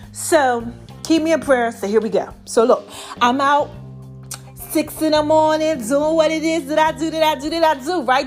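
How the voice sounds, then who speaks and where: High-voiced breathless podcast woman. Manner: lively, preachy, slangy, calls herself Mama. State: slightly out of breath. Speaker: podcast host. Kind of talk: casual inspirational monologue.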